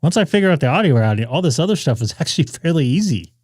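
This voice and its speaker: A man's voice: fairly high pitch, very animated, racing, a little mellow, husky, dry recording, studio quality. A man hosting a ham radio live stream, chatting casually and rambling in asides to his viewers.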